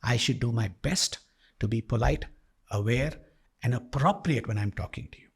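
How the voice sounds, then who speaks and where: A man's voice: mid-range voice, normal speed, husky. A male life coach and podcast host telling a story in a monologue, animatedly acting out both sides of a dialogue.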